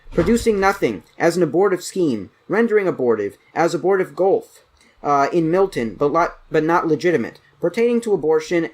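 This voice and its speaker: A man reading dictionary entries aloud at a brisk pace, stumbling now and then and correcting himself. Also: a little high, a little mellow. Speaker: channel host reading aloud.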